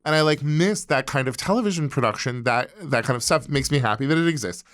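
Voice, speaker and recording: Pria tamu podcast yang santai dan jenaka. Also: male voice, mid-range voice, fairly bright tone, no room sound, studio quality. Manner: chatty, wry, halting restarts. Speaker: podcast guest, comedy writer. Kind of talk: casual chat.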